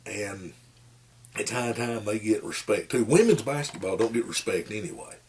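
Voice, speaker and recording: A man's voice: on the low side, expressive, moderate pace, darkish tone, slight background noise. A man, giving a rambling, folksy movie review with lots of fillers. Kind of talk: casual rambling monologue.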